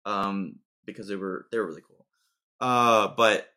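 A man's voice: lowish voice, a little slow, sharp tone. Joking young man hosting a podcast. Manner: joking storyteller, says dude and bro a lot. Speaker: podcast host. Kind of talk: casual chat.

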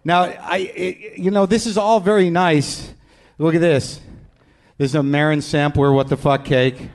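In an unhurried, fairly even voice pitched fairly high, a man hosts a live comedy podcast before an audience. His stand-up-style monologue is a profane, self-deprecating rant.

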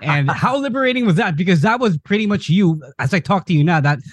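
A man's voice: sits high, lively intonation, quick pace, no room sound. A man hosting a podcast, asking his guest friendly, curious questions. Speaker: podcast host. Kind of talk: casual interview questions.

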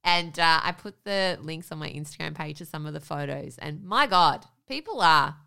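A woman co-hosting a podcast in casual chat, chatty and animated, laughing often as she tells stories. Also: low voice, moderate pace, vocal fry, clean tone. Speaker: podcast co-host.

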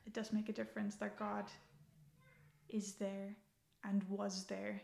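A woman's voice: mid-range voice, completely flat delivery, a little slow, creaky, a little mellow. A young woman, a podcast guest, talking casually and thoughtfully, often repeating herself and laughing easily. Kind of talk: casual chat. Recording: echoey room.

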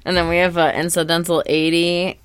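A woman's voice: on the low side, flat delivery, a little fast, clean tone. A woman co-hosting a podcast, recapping a cartoon episode in casual, rambling chat. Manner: chatty, rambling with fillers. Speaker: podcast co-host.

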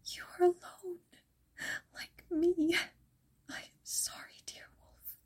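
A woman voicing a frightened, gentle young peasant girl in a soft breathy whisper, with tearful, old-fashioned formal speech, in whispered role-play. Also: fairly high pitch, unhurried, voice pushed up.

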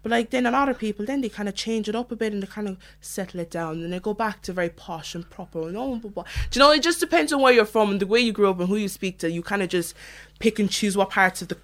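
A young woman in her late teens with a Cork Irish accent, chatting as a guest in a casual radio interview, animated and laughing easily. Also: medium pitch, quick pace. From Cork, Ireland. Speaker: actress guest. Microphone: phone line.

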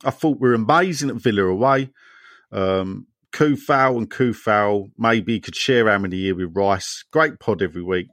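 A man's voice: on the low side, moderate pace, dry recording, studio quality. A man hosting a podcast, reading listener messages aloud and trading jokes with his co-hosts. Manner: jokey banter with co-hosts, animated. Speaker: podcast host.

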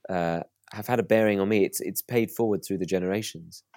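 A British man with a low voice, guesting on a podcast as an author and comedian. He speaks thoughtfully and hesitantly, with self-deprecating asides. The sound is dry and close. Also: a little fast, darkish tone, no room sound.

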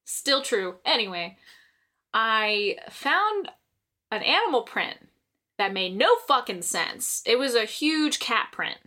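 A young woman with a high, bright voice tells a story in a loose, casual chat. She swears freely and laughs a lot between lines. Her telling is emphatic and animated. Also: takes it slowly.

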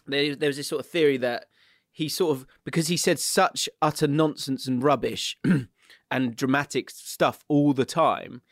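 A man's voice: medium pitch, fairly even intonation, normal speed, no room sound, clean studio sound. A man co-hosting a football podcast, talking in a rambling, hedging way and teasing his co-host. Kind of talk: casual chat.

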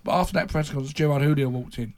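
A man's voice: a little high, rapid-fire, a little mellow. Man telling press-room anecdotes. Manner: anecdotal, laughs at his own impressions. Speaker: football journalist. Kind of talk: casual storytelling chat.

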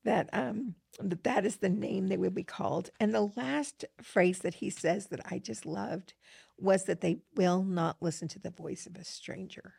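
A woman's voice: mid-range voice, fairly even intonation, unhurried, vocal fry, a little mellow, breathy edge, no echo, studio quality. A middle-aged woman co-hosting a scripture study podcast, talking earnestly and reading verses aloud. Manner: earnest and enthusiastic, with frequent fillers.

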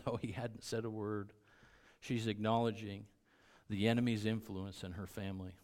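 A middle-aged male pastor delivering a sermon at an average pitch. He hammers home points by repeating phrases, then sinks into low, intense stretches. His voice sits plainly in the middle of the male range. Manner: emphatic, repeats key phrases, drops to quiet intensity.

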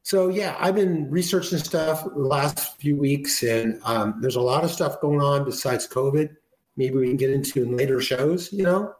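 A man talks loosely on a talk show at an ordinary middle pitch, trailing off and restarting as he goes. His voice rings in an echoey room. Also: normal speed. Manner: rambling and conversational, restarts often. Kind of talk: casual talk show conversation.

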